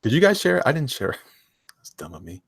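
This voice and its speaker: A man's voice: medium pitch, wildly swooping pitch, quick pace, gravelly, fairly bright tone, breathy edge, dry recording, studio quality. A man hosting a casual live stream, jokey and chatty, reading viewer comments aloud and laughing often. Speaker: host.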